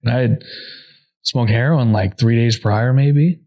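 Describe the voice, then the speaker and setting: A young adult man, a podcast guest, earnestly telling a personal story at a quick clip, full of "like" fillers. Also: medium pitch, mellow. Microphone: podcast microphone.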